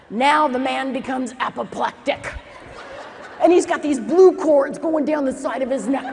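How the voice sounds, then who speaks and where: Brief: high, lively woman speaker, comic storytelling, echoey hall, faint noise. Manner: animated, acts out characters, laughs through lines. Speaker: keynote speaker. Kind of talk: humorous storytelling speech.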